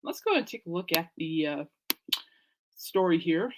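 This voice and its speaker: A woman's voice: lowish voice, moderate pace, noisy background. A woman hosting her own podcast, chatting in a loose, rambling way, trailing off, circling back and laughing at herself. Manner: rambling, animated, laughs often, jumps between thoughts. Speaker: podcast host. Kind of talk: casual rambling chat.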